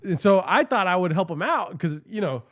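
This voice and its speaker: Guy telling a crude funny story on his podcast, lively swooping voice, kinda high. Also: moderate pace, loud music behind the voice. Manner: profane, rambling, keeps asking the listener. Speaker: podcast host. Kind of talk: comedic storytelling monologue.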